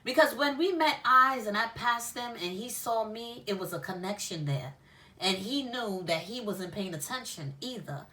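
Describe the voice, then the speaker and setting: A woman telling a casual story about being pulled over, animated and profane, often laughing and acting out the exchange. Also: on the high side, moderate pace, distant mic. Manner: lively, animated, swearing, with laughs. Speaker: spiritual shop owner and storyteller.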